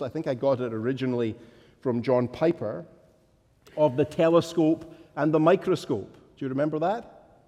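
Man preaching slow and deliberate, gets loud and emphatic on the big lines, big echoey church. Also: on the high side. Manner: deliberate, rising to emphatic declarations. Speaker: pastor. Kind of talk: sermon.

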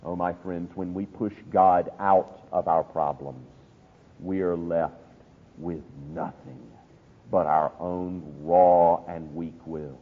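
A husky male pastor preaches in a church, his voice swelling high and loud and then falling to quiet, earnest lows. The recording is thin and phone-like, with a long reverb tail from the hall. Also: fairly even intonation, slow. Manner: impassioned preaching, swinging from loud climbs to hushed drops. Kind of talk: sermon. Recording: husky voice over a tinny, echoey hall line.

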